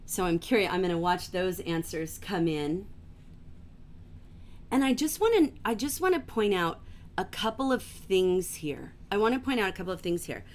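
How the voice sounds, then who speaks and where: A woman teaching a livestreamed literature class from home, enthusiastic and gently emphatic, reading passages aloud slowly. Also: fairly low pitch, animated.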